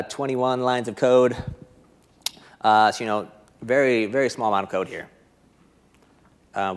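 A man with an American accent giving a fast, filler-laden technical conference talk while demoing code. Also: mid-range voice. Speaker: conference presenter. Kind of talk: live coding demo talk.

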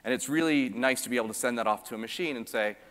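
A man's voice: mid-range voice, rapid-fire, a bit bright. A man giving a conference talk as presenter, talking casually with many fillers and a little out of breath. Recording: long hall reverb.

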